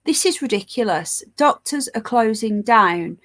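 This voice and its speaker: A woman with a stuffy head cold hosts a news livestream, her voice on the high side, a bit bright, unhurried, and lively in intonation. She reads headlines and chat aloud, adding sarcastic, scornful commentary and chatty asides to viewers.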